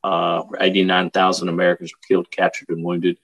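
A man tells a story in an earnest, emphatic way, stopping and repeating himself as he goes. His voice sits very low and has a husky edge. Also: monotone, fairly quick, fairly bright tone. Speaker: speaker telling his father's war story. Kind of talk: storytelling talk.

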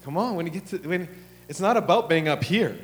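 Animated male pastor in a reverberant hall. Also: a little high, fairly quick. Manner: animated storytelling, acts out his own and God's lines, drops to hushed prayer. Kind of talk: sermon with storytelling and prayer. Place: church hall. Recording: long hall reverb with soft music.

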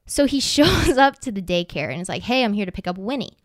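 A woman's voice: medium pitch, brisk, no echo, studio quality. A young woman telling a funny story in casual chat, swearing freely and sprinkling in "like". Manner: animated storytelling, swears freely, many "like" fillers.

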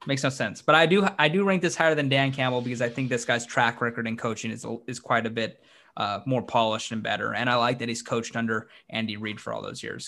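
A man co-hosting a sports podcast, talking casually in a mid-range voice. He gets animated and laughs a lot, and his pitch leaps upward when something excites him. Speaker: podcast co-host.

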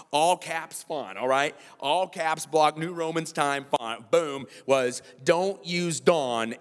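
Guy preaching, acts out the dialogue, kinda high-pitched, big reverby hall. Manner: animated storytelling with quoted voices. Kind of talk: sermon illustration story.

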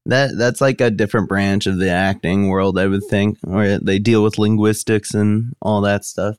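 Low-voiced laid-back man. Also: fairly even intonation, moderate pace, clean tone, no room sound, clean studio sound. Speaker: podcast co-host. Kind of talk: casual podcast chat.

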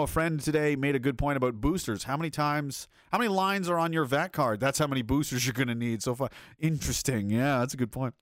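A man's voice: mid-range voice, a bit bright, no room sound, clean studio sound. A man hosting a livestream and reading chat aloud, riffing sarcastically with lots of swearing and laughter.

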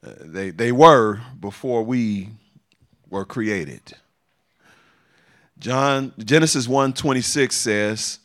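A man's voice: lowish voice, animated, slow, a bit bright. A man preaching a sermon, repeating phrases for emphasis and chuckling often.

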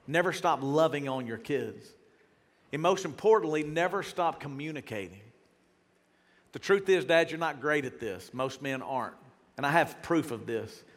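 A man's voice: a little high, a bit bright. Pastor in his forties, earnest and chatty from the pulpit, in a reverberant hall. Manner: earnest, conversational preaching. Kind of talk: sermon.

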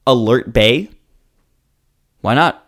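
Man, canadian, podcast co-host, jokey casual chat, lively pitch. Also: takes it slowly. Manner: animated, jokey and mock-declarative.

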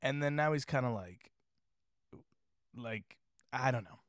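A man co-hosting a podcast in casual comedic chat, riffing with deadpan sarcasm. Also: medium pitch, measured pace, dry recording, studio quality. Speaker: podcast co-host.

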